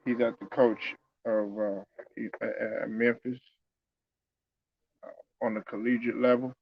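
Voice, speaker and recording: A man's voice: mid-range voice, flat delivery, a little slow, vocal fry, husky, no echo, muffled recording. A man talking casually about basketball, loose and conversational, with many fillers and restarts. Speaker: sports commentator. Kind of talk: casual basketball opinion talk.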